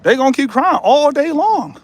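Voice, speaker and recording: Walking a mountain trail and later passing into a tunnel, a livestream host talks casually into his phone in a voice that sits high for a man, with no room sound. He is very animated at a normal speed, joking, teasing and riffing playfully with his chat and laughing often.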